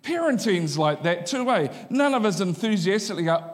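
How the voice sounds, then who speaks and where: A man's voice: high voice, big pitch swings, moderate pace, few pauses, big-room sound. A man preaching a sermon in a church, talking in a conversational, joking way and repeating his key lines. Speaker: pastor. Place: church auditorium.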